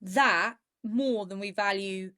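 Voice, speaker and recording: A woman co-hosting a true crime podcast, telling the story in an animated, indignant way. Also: mid-range voice, takes it slowly. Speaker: podcast co-host.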